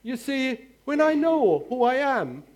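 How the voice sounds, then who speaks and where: A man's voice: very high voice, big pitch swings, a little slow, a little mellow. An older man preaching as a pastor, earnest and exhorting, asking his congregation rhetorical questions. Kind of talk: sermon.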